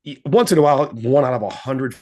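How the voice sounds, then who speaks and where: A man's voice: mid-range voice, fast talker, warm tone. A man guest on a business interview, talking casually and animatedly about money, often acting out the voices of the people in his stories. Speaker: guest, finance coach.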